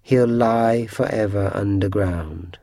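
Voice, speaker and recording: A man's voice: fairly low pitch, slow pace, mellow, dry recording, studio quality. A man voicing a frightened old housekeeper woman, muttering fearfully in a storybook reading.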